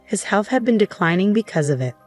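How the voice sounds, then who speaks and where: A woman narrating a first-person story in an even, earnest scripted style. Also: medium pitch, fairly quick. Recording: faint background music.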